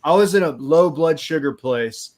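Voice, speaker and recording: A man's voice: a little high, lively intonation, moderate pace, darkish tone. A man co-hosting a live show, joking and ribbing his friends in casual chat. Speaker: co-host. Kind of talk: casual banter between friends.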